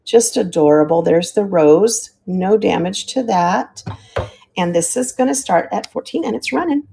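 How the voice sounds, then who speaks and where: A retired teacher runs a casual live-stream auction of vintage items, chatting warmly and describing things while sometimes groping for words. Her medium-pitched voice is gravelly and warm with lively intonation and a slightly slow pace, over a little hiss or hum.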